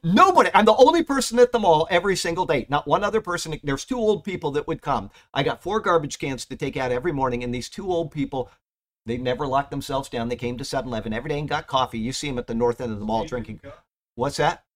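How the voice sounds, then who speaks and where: A man's voice: on the high side, expressive, quick pace, fairly bright tone. A man teaching a casual verse-by-verse Bible study in a chatty, folksy way, stressing key words emphatically.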